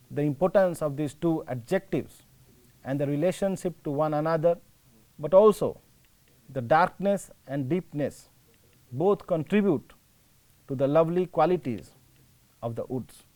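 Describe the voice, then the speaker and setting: A male teacher with an Indian English accent, giving a slow, explanatory classroom lecture and rephrasing his points. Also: on the high side, a little mellow.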